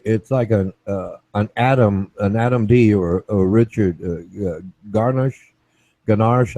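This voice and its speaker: A man with a low, mellow voice hosts a casual talk show and keeps circling back to his point. He restarts sentences and checks in with "right?", speaking from a dry, close space. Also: no echo. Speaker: show host. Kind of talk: casual chat.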